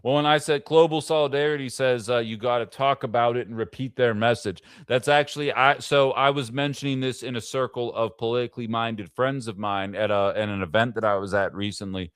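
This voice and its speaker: A man's voice: medium pitch, fairly even intonation, fairly quick, few pauses, a bit bright, clear, resonant tone, no echo, studio quality. A man hosting a live-streamed political commentary show, making his case with a string of heated rhetorical questions. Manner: impassioned, fires off rhetorical questions.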